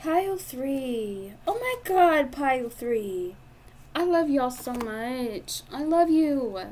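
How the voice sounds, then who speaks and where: A woman's voice: on the high side, darkish tone, slight background noise. A woman doing a casual tarot reading monologue, giggly and gushing, emotional and swearing freely. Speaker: tarot card reader. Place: indoors at a table.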